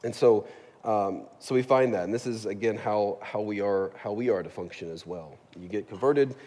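A man's voice: on the low side, normal speed, darkish tone. A man preaching a sermon in a church, in a casual, joking way, often checking in with the congregation. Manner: conversational, jokey, asks the congregation "right?". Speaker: pastor. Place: church sanctuary. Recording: long hall reverb.

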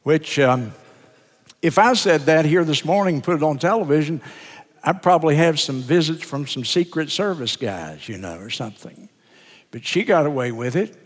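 An older man, a pastor of many years, preaching a sermon in an earnest, deliberate way, drawing out words for emphasis. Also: a little high, animated. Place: church sanctuary. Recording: sermon in a reverberant church sanctuary.

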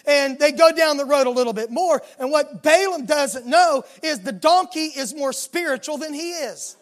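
A man preaching a sermon, retelling a scripture story in lively, casual words and acting out the dialogue. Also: very high voice, moderate pace. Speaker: pastor.

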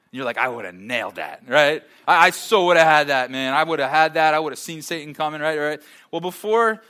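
A man with a fairly high voice preaching a sermon to a church audience. He reads scripture aloud, jokes with the room and often breaks into loud, lively bursts. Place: church service before a live audience.

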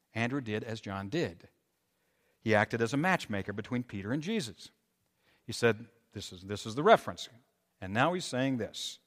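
A man preaching a sermon in an animated way, with frequent restarts and loud, dramatic scripture readings. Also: medium pitch. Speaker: pastor. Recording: long hall reverb.

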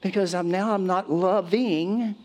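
A middle-aged pastor with a high-sitting, darkish voice and fairly even intonation delivers a sermon. He reads scripture slowly and deliberately, then speaks conversationally to the congregation.

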